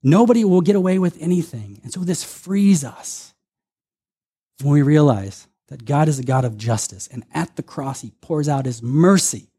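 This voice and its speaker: Husky-voiced man preaching a sermon. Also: fairly high pitch, moderate pace, mellow. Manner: earnest, quotes scripture, shifts pace for emphasis. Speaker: pastor.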